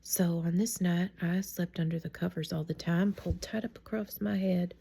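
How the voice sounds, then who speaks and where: A middle-aged woman telling a true story in a chatty, rambling way, often dropping into a hushed whisper. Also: fairly low pitch, fairly even intonation, moderate pace, vocal fry, husky. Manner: chatty and digressive. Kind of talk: casual spoken storytime.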